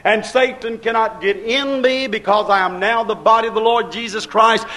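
A man delivering a sermon in a very high voice. He preaches in a repetitive, rhythmic cadence, stretching key words slowly and climbing to shouted peaks. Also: fairly even intonation. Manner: preaching with slow, drawn-out stresses and shouted peaks.

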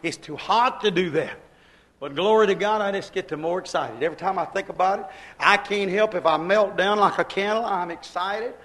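High-voiced fiery male preacher. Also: fairly quick, low-quality recording. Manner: swings from hushed asides to shouted exclamations; repetitive, emphatic preaching cadence. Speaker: pastor. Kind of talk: Pentecostal-style sermon.

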